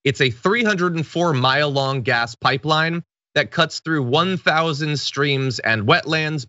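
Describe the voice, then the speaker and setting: Male political commentary host, wry and sarcastic; bright, forceful tone, dry studio. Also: a little high, measured pace, no room sound, lo-fi sound.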